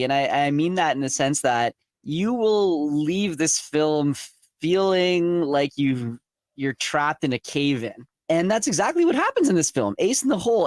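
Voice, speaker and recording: Slightly high-voiced man hosting a podcast. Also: no echo, studio quality. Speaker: podcast host. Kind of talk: casual podcast chat.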